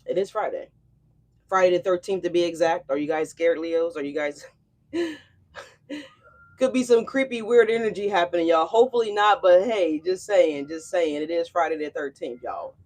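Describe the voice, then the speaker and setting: A woman with a fairly low-pitched, darkish voice at normal speed hosts a casual tarot reading on her channel. She chats in a loose, slangy way, checking in with her viewers through frequent "okay?" and "y'all."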